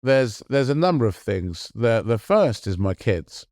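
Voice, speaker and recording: A middle-aged man in casual chat as a podcast co-host, earnest and halting, often restarting his sentences. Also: medium pitch, sing-song, darkish tone, no echo, studio quality.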